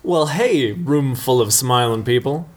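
A man's voice: medium pitch, expressive, a little slow. A man hosting a comedy table read, wry and self-deprecating, casting players and reading stage directions. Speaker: comedy writer and host. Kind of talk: improv comedy banter.

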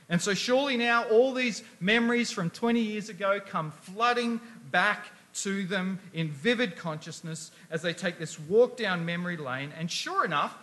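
Man, preacher, sermon, high voice, bright tone, emphatic, rhetorical questions. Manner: emphatic, rhetorical questions, reads scripture aloud.

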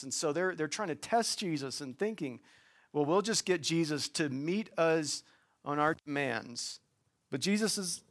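A man preaching a sermon on a gospel passage in a conversational, animated way, drawing out key words for emphasis. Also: on the high side. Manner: animated, emphatic, slow drawn-out stresses, conversational asides. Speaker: pastor.

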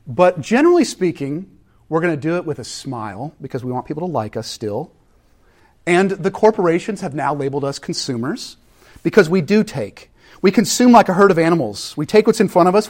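A man delivers a sermon with a fairly high-pitched voice. He is animated, building emphasis and then pulling back into quiet, intense asides. The delivery is conversational, as a pastor addressing his congregation.

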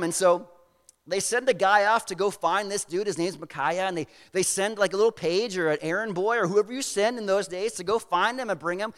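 A man's voice: high voice, fairly quick, long reverb tail. A man preaching a sermon, retelling a story casually with slang asides. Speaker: pastor.

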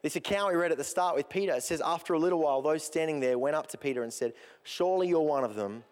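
A man preaching to a congregation, building his points through repeated, emphatic phrases. His voice sits a little higher than most men's and rings out with a long reverb, as in a church hall. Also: quick pace, clear, resonant tone. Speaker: pastor. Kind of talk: sermon.

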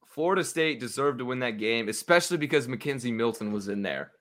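A young man co-hosting a casual sports podcast, animated and swearing as he gets worked up about games. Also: medium pitch, brisk.

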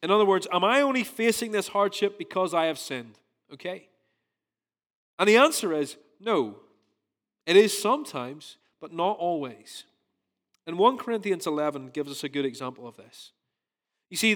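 A man in his thirties delivers a sermon, and his voice sits a little higher than most men's. He preaches in a relaxed, conversational way, with frequent stops and restarts as he works through his points. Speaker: pastor.

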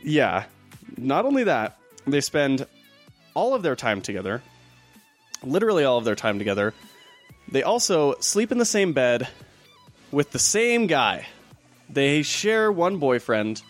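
A man's voice: medium pitch, measured pace, pauses often, faint music behind. Laid-back young man telling a story. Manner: storytelling, relaxed, laughing often. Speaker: podcast host. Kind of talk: casual chat.

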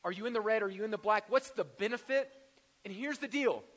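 High-voiced preaching man, echoey hall. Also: fairly quick, fairly bright tone. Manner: conversational preaching with jokes and rhetorical questions. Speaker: pastor. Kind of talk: sermon.

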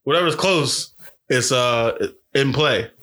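Animated, bright-toned male podcast host. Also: mid-range voice, slow. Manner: animated storyteller with profanity and frequent restarts. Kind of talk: casual podcast chat.

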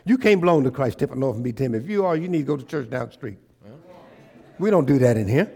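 A man preaching a call-and-response sermon as pastor in a church, swinging from shouting excitement to a low, hushed prayer voice. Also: quick pace, vocal fry, slightly rough. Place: church sanctuary.

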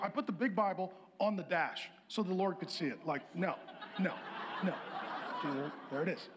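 A middle-aged pastor with a high voice tells a funny testimony in a lively, self-mocking way. He breaks into acted-out dialogue as he goes. The sound is his own plain speaking voice. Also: a little fast, breathy edge. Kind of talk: humorous testimony storytelling.

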